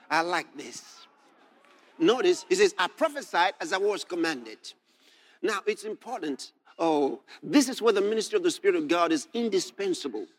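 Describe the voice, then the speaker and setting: A male preacher with a high voice that leaps all over its range. He drops to hushed asides, then rises to loud, shouted readings of scripture. He laughs now and then while he reads. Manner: swings from quiet musing to loud shouted proclamation. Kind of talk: sermon, reading and expounding scripture.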